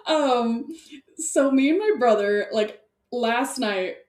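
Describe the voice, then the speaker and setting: A fairly high-voiced woman co-hosting a podcast, rambling excitedly and laughing often. Her voice sits back from the mic, and the room adds a clear echo. She talks in loose, filler-heavy casual chat. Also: slow. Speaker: podcast co-host. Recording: echoey room, distant mic.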